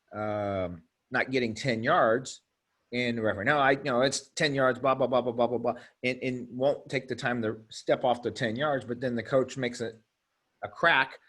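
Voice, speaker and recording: A man in casual discussion, talking at a middle pitch. He rambles, starts over and repeats words, and now and then acts out the voices of the people he describes. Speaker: officials association president.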